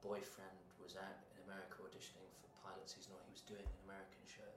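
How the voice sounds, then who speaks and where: A man's voice: low-pitched, monotone, racing, distant mic. A man hosting a podcast interview, chatting casually and laughing along as he shares a short story. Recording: echoey room, off-mic, clear background noise.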